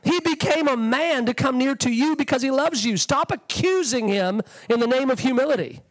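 A man's voice: extremely high pitch, animated, moderate pace, poor audio. A man preaching a sermon as a guest speaker, passionate and conversational, acting out little quotes. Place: church sanctuary.

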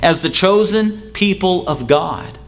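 A pastor preaching a sermon, driving home points with repetition and rhetorical questions, sometimes mimicking excuse-makers. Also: male voice, lively intonation, vocal fry. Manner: acts out excuse-makers in a higher, quicker voice.

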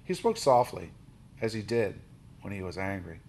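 A man reading a children's novel aloud, lifting his voice for quoted lines and dropping low on speech tags. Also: normal speed. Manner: steady storybook reading, with small restarts.

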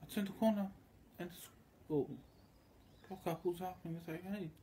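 A man talks through a loose, wandering story, slipping into quick imitations of the people he met. His voice sits a little high but sounds mellow and warm. A faint hum of background noise runs underneath. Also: fairly even intonation. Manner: meandering and crude, acts out other voices in quotes. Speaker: vlogger. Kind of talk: rambling casual storytelling.

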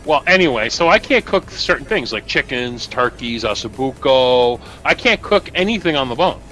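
A man with a New Jersey accent, co-hosting a casual live-stream chat, animated and talkative with quick asides. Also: medium pitch, faint music behind, low-quality recording.

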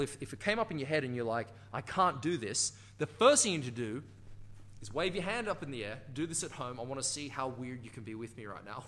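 A man with an Australian accent, a dance teacher and channel host, giving an energetic, emphatic motivational talk to camera. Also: mid-range voice, a little hiss or hum. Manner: energetic, emphatic, laughs and acts out inner voices.

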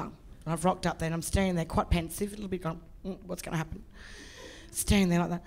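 Brief: middle-aged Australian woman comic, bold and profane, lively stage storytelling. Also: mid-range voice. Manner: brash, profane, animated storytelling. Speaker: stand-up comedian. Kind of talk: stand-up comedy storytelling.

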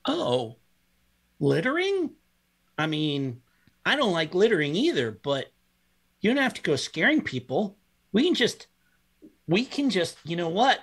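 Lively woman playing a tabletop game. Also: on the low side, measured pace, husky. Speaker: player.

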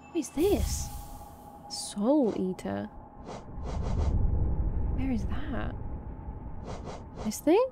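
Woman gamer, unhurried, reactive commentary over game music. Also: on the high side. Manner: excitable, gasps and swears at enemies. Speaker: gaming streamer. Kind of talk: casual let's-play commentary. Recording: game music playing behind.

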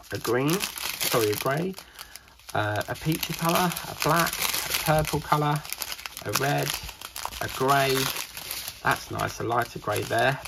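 A man with a British accent, chatting casually as he unboxes crafting kits for his channel, rambling and getting excited. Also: mid-range voice, vocal fry, background noise. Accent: British English.

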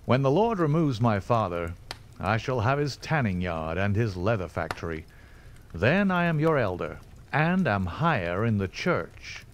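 A man's voice: on the low side, lively intonation, normal speed, slight background noise. A man voicing a pompous, boastful young male church elder who turns threatening. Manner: solemn, self-important, threatening.

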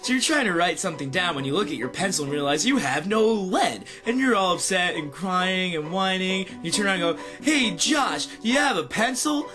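Young man, mocking comedy skit, high voice, animated delivery, music behind. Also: fairly quick, few pauses. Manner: mocking and dismissive, lively storytelling. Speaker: comedy sketch performer.

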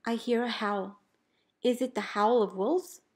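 Woman reading a storybook aloud, expressive. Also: a little high, measured pace. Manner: expressive, calls out dog commands loudly. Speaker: teacher reading a picture book aloud.

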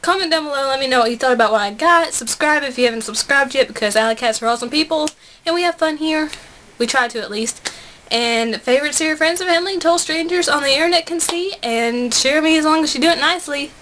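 An excitable young woman talks through an unboxing vlog at home, gushing and chatty. Her voice sits high. A faint hiss of noise hangs behind her. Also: fast talker. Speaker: vlogger.

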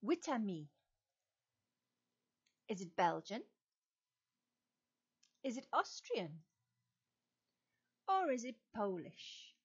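Slow, sing-song English woman teaching children. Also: a little high, sing-song, breathy edge, muffled recording. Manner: slow, sing-song quizzing with exaggerated rises. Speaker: Sunday school leader. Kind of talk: children's lesson, storytelling.

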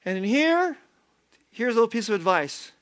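A man preaching a sermon as pastor, lively and self-deprecating, often laughing as he talks. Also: high-pitched, moderate pace. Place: church sanctuary.

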